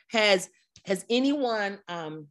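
A woman with a slightly strained voice, coaching a group on a video call in a lively, conversational way. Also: mid-range voice. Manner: energetic, conversational, with laughs and repetitions. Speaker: coach leading an online group session. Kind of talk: motivational talk to a group.

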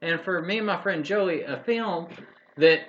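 A man's voice: high voice, unhurried, fairly bright tone. A man co-hosting a podcast, telling a long rambling story in a folksy, casual way. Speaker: podcast co-host. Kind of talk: casual chat. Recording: dull lo-fi podcast audio with faint hiss.

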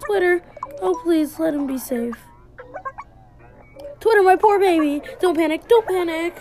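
A woman voicing a frantic, worried mother in a video game, pleading and high-strung. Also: a little slow, darkish tone.

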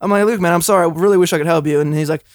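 High-voiced fast-talking young man. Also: no echo, clean studio sound. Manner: storytelling, acts out both sides of exchanges. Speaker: podcast co-host. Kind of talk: casual chat.

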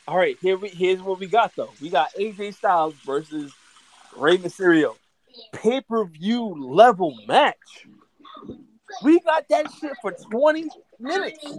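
A man's voice: high voice, a bit bright. A man co-hosting a casual wrestling podcast, talking animatedly with heavy profanity and mocking impressions. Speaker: podcast co-host.

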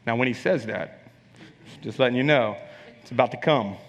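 A man's voice: mid-range voice, normal speed, muffled recording. A man preaching a sermon, telling a personal story in an emphatic, conversational way, often repeating phrases and putting questions to the congregation. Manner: conversational, asks the audience questions. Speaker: preacher sharing a testimony. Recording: long hall reverb.

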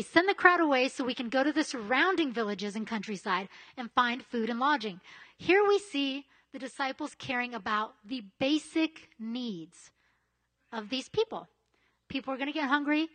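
Chatty high-voiced woman preaching. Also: fairly bright tone. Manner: conversational, chatty asides, often asks "right?". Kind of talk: casual sermon.

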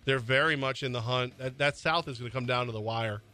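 A man co-hosting sports talk radio, with wry, joking banter and quick opinions. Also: mid-range voice, bright, forceful tone.

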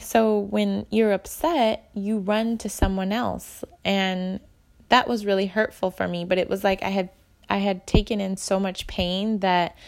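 A young woman with a gravelly, fry-edged voice recounts a personal story straight to her viewers. Her delivery is candid and emotional, like confiding in friends. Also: mid-range voice. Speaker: vlogger.

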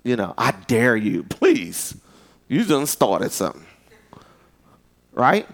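A man preaching a sermon in an animated, storytelling way, jumping up in pitch when he acts out quoted voices, speaking. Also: slow, creaky.

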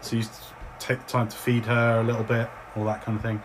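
A man running a tabletop game as game master, narrating in a relaxed, meandering way with frequent restarts. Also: medium pitch, quick pace, slight background noise, rough recording.

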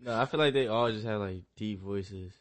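A young man co-hosting a podcast, telling animated stories in casual chat and swearing freely. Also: fairly low pitch, moderate pace. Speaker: podcast co-host.

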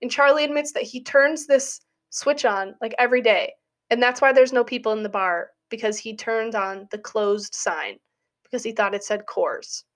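A woman's voice: on the high side, normal speed, fairly bright tone. A young adult woman, a college student, talking through a casual spoken essay in a chatty, giggly way full of "like" fillers. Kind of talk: casual monologue.

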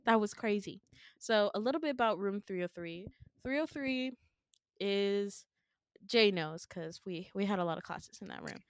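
A woman's voice: medium pitch, moderate pace, clear, resonant tone, no echo. A young woman tells a long dream story on a podcast, bouncing into little voices for the people in it. Her voice sits in an ordinary middle register and sounds close and dry, with no room around it. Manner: animated storytelling, acts out quoted voices, laughs often. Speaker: podcast co-host recounting a dream. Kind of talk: casual chat.

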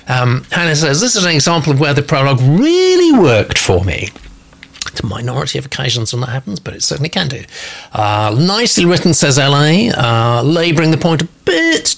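A man's voice: medium pitch, fairly bright tone. A man hosting a casual live chat, reading out listener comments in a rambling, self-deprecating way with many fillers.

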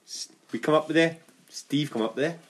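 A man's voice: a little high, a little fast, slightly rough. A man hosting a podcast, swearing a lot and laughing through crude banter. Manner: swears often, laughs through his lines. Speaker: podcast host.

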